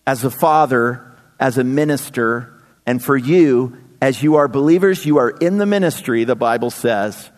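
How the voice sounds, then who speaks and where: A man in his thirties preaching a sermon in a church, energetic, with sudden loud bursts. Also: mid-range voice, moderate pace. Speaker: pastor. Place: church sanctuary. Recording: long hall reverb.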